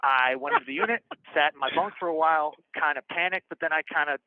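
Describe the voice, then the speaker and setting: A man frankly telling stories from his past over a phone call, animated and acting out the voices of the people in them. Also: fairly high pitch, fast. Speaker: guest storyteller. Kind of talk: casual storytelling on a call. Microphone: prison phone. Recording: tinny phone line.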